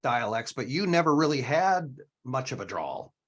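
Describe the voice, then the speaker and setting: Lively husky man with a Minnesota accent. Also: mid-range voice, moderate pace. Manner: chatty, animated storyteller. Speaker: podcast host. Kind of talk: casual chat.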